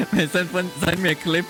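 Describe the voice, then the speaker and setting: A male VTuber streamer chatting casually with his viewers, animated, laughing often and swearing freely. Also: high-pitched, measured pace, music in the background. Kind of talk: casual live-stream chat.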